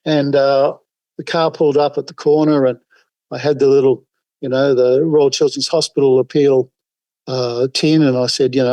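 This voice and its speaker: A man's voice: medium pitch, flat delivery, normal speed, darkish tone, no echo, poor audio. An older man with an Australian accent, a guest telling rambling, folksy stories in an interview. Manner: rambling, folksy, many fillers. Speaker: guest, emergency services volunteer. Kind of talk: casual interview storytelling.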